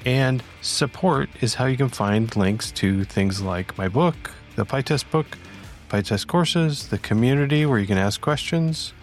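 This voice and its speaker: A man hosting a podcast about software testing and interviewing a guest in an upbeat way. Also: mid-range voice, unhurried, faint music behind. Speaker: podcast host.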